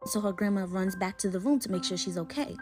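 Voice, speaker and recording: A young woman casually retelling a creepy story in a chatty, slangy way, with dramatic pauses. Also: medium pitch, a little mellow, soft background music.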